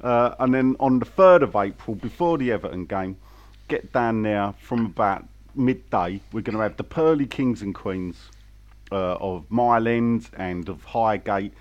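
A man's voice: fairly low pitch, unhurried, muffled recording. A man, chatting casually as a co-host, rambling through anecdotes with laughs. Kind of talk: casual chat.

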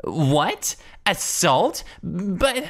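A man's voice: high-pitched, big pitch swings, very slow, gravelly, pitched above the performer's own voice, heavily acted. Man putting on a pushy entitled shopper mom. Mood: indignant. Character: rude entitled middle-aged mother shopper.

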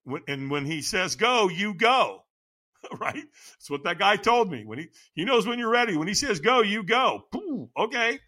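A man who works as a firewalk instructor, telling excited stories in an interview and acting out quotes with lots of laughter. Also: high-pitched, normal speed, hardly any pauses. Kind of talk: animated storytelling.

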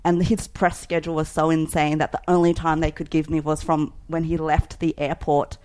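A woman, a food writer, chatting on a podcast and telling a rambling story, quick to laugh and full of "like". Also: sits low, level tone, darkish tone.

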